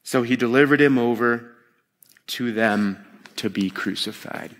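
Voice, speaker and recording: A man preaching a sermon to a live congregation in a conversational, animated way, with expressive groans of disgust and quick voiced asides. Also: in a large hall. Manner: conversational and animated, acting out quotes with sharp pitch jumps.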